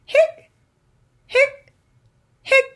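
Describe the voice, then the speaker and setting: A woman voicing a small male skeleton who hiccups in high, squeaky bursts. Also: extremely slow. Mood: hiccuping.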